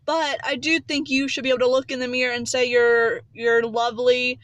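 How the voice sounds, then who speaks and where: A woman's voice: high-pitched, flat delivery, brisk, fairly bright tone, no echo. A woman giving a casual, passionate motivational talk as a spiritual vlogger, rambling and repeating phrases for emphasis.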